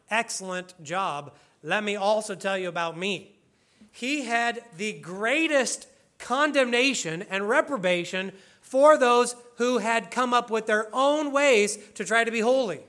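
A man's voice: high voice, bright, forceful tone. A man preaching a sermon, explaining scripture in an earnest, conversational way with casual asides. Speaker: pastor.

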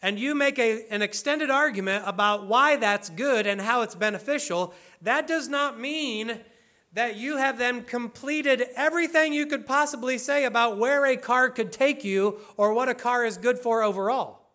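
High, bright-voiced preacher man. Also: normal speed. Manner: earnest expository preaching with conversational asides. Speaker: pastor. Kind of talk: sermon.

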